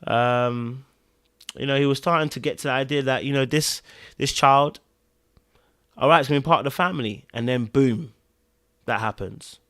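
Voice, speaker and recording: A man hosting a podcast, giving emotional, animated commentary on a TV episode, sighing and swinging between loud bursts and quiet murmurs. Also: medium pitch, normal speed, pauses often. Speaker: podcast host reviewing a TV episode.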